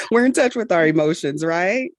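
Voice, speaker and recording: Low-voiced upbeat woman podcast host. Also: lively intonation, a little slow, no room sound. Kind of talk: casual chat.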